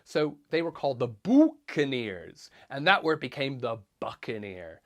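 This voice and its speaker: A man's voice: mid-range voice, big pitch swings, measured pace. A man teaching young children as a theatrical pirate showman, calling out exclamations and quizzing his audience. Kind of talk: interactive lesson for young children.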